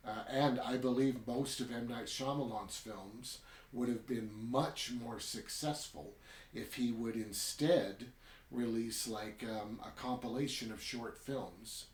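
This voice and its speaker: Man, podcast host, casual rambling talk, mid-pitched voice, echoey room sound. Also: steady tone, slow. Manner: chatty, rambling, keeps adding "right?". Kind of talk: casual story recap and review. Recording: roomy echo.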